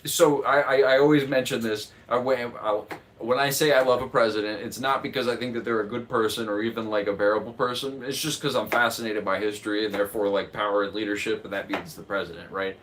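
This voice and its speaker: A man's voice: lowish voice, fairly even intonation, fast, a bit bright. A man from the United States who runs the chat on a live cooking stream, rambling and joking and laughing often. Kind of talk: casual livestream chat.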